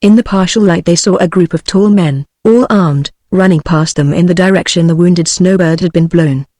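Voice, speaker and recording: A woman's voice: on the low side, moderate pace, no echo, studio quality. A text-to-speech voice of a woman with a British English accent narrating an adventure novel as an audiobook. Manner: even synthetic reading.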